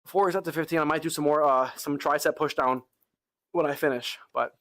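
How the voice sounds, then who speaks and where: A man's voice: fairly high pitch, fairly even intonation, brisk, a bit bright. Laid-back young male gym streamer. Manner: laid-back, talks to chat with lots of "bro" and "like". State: tired arms after lifting, sighing between sets. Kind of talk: casual live-stream chat.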